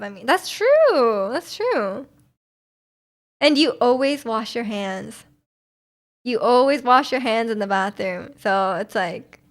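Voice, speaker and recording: A woman's voice: on the high side, fairly bright tone. A woman streamer chatting casually with her chat, bubbly and giggly, often restarting her sentences. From Canada. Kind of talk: casual chat reading viewer comments.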